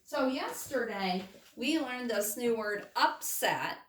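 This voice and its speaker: Lady teacher talking real slow to little kids, kinda high voice, echoey room, mic a bit far off. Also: animated, fairly bright tone. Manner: slow, patient, checks in with "okay?" often. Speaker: first grade teacher. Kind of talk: recorded phonics lesson for young children. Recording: roomy, mic at a distance.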